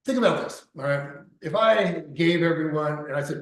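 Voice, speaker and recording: A man's voice: on the high side, expressive, a little fast, few pauses. A man in casual podcast conversation, telling stories in a rambling way, with many restarts and some swearing. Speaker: pickup coach and podcast guest. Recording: echoey room.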